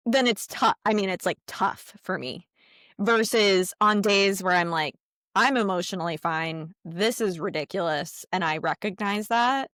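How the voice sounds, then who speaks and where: A woman in her thirties, a podcast co-host, chatting candidly about parenting and sometimes quoting her son in a soft, small voice. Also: mid-range voice, a little slow, no echo, clean studio sound. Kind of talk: casual chat.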